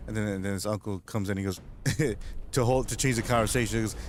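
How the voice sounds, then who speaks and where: A man's voice: lowish voice, steady tone, fairly quick, slight background noise. A man streaming, chatting casually while gaming, rambling along and laughing often. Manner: rambling, laughs often, does goofy voices in retold scenes.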